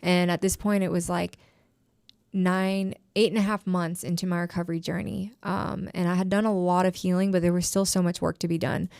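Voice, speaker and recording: A woman's voice: lowish voice, level tone, fairly quick, gravelly, darkish tone, clean tone, no room sound, studio quality. A young woman sharing her personal recovery story as a podcast guest, emotional and full of "like" fillers. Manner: emotional, frequent "like" fillers, trailing phrases.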